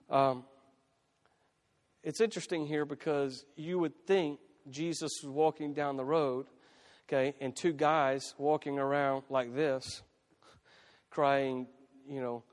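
A man's voice: mid-range voice, steady tone, takes it slowly. A man preaching a sermon as pastor, talking in a conversational way with frequent restarts and repeated phrases. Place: church sanctuary. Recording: long reverb of a church hall.

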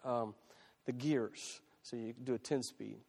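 A man's voice: mid-range voice, fairly even intonation, a little slow, vocal fry, a little mellow. A man preaching a sermon as pastor, talking in a conversational way with frequent restarts and repeated phrases. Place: church sanctuary. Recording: long reverb of a church hall.

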